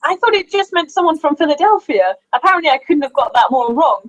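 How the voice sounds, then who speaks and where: A chatty British woman with a fairly high voice talks over a webcam video call. She laughs often, and her pitch jumps around as she chats on a casual live stream. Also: low-quality recording. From England. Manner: chatty, quick to laugh, lively swings in pitch. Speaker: co-host.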